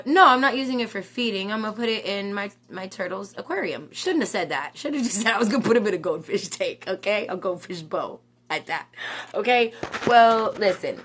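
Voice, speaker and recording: A woman's voice: medium pitch, a bit bright. A woman in her forties telling a rambling story to camera in a casual vlog, chatty and self-mocking, often checking in with "okay?". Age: 40s. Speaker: vlogger.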